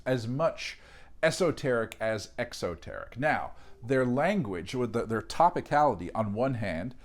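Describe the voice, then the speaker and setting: A man with a somewhat low voice talks through an academic reading. He lectures informally and thinks aloud. He speaks in a measured way and often pauses to find the right word. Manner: thoughtful, searching for words, measured.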